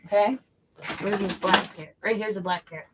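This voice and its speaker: A woman's voice: mid-range voice, steady tone, moderate pace, noisy background. A woman hosting a craft vlog, chatty and often laughing as she tells a story. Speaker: craft channel host. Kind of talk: casual craft vlog chat.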